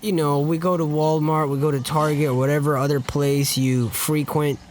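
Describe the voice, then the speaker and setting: A man's voice: on the high side, normal speed, slight background noise. A man co-hosting a podcast, chatting casually and telling jokey stories. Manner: animated, jokey storytelling. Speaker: podcast co-host. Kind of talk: casual chat.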